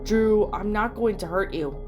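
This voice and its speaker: A grieving, fiercely protective father comes through, his voice lifting higher and louder when he pleads and cries out, as a woman reading a fan story puts him on. It is an everyday voice with little disguise, tearful and strained rather than deep or gruff. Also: moderate pace, lo-fi sound, over music, natural voice. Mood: gentle.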